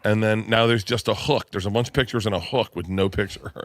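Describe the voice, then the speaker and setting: A middle-aged man telling a family story on a podcast, animated and profane, acting out the other people's lines. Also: on the low side, a little fast, no room sound. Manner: animated, swearing, acts out family dialogue. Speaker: podcast guest. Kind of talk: casual storytelling.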